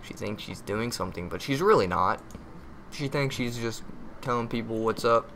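A man's voice: medium pitch, moderate pace, background noise. A man giving casual gameplay commentary, muttering to himself, yelping and cursing when frustrated, with crude jokes. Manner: muttering, easily frustrated, yelps and curses at the game; crude joking.

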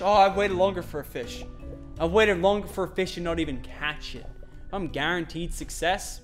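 An excitable young Australian man talks his way through a video game, his voice bouncing all over the place and sitting a bit high. He yelps and groans at the game as he plays. Faint music runs underneath. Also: a little fast. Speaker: gaming channel host. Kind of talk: excitable let's-play commentary.

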